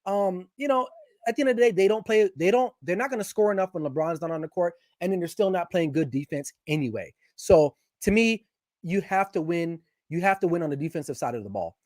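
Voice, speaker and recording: Opinionated high-voiced man talking sports. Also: a little fast, no echo, studio quality. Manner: opinionated, animated, with many restarts. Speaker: guest sports commentator. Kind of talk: casual sports chat.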